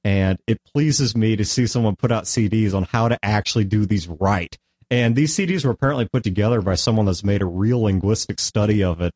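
A man's voice: fairly low pitch, a little fast, darkish tone, no room sound, clean studio sound. A man hosting a casual podcast chat, rambling at length and often stopping to correct himself. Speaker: podcast host.

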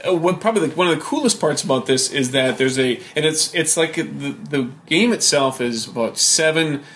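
A man's voice: fairly high pitch, lively intonation, moderate pace, fairly bright tone. A man co-hosting a casual talk show about games, rambling with many fillers and restarts. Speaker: podcast co-host.

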